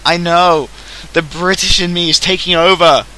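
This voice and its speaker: Bright-voiced joking Australian man. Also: sits high, fairly even intonation, normal speed, rough recording. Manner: jokey, self-mocking, theatrical. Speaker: streamer host. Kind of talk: casual gaming livestream chat.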